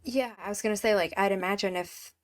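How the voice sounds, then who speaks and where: A woman co-hosting a podcast on a video call, chatting casually with many "like"s and ready laughs. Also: medium pitch. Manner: chatty, quick to laugh, leans on "like". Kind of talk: casual chat.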